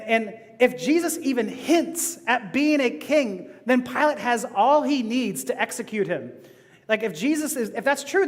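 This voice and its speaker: A man preaching a sermon as pastor, animated and laughing as he goes. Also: extremely high pitch, long reverb tail. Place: church sanctuary.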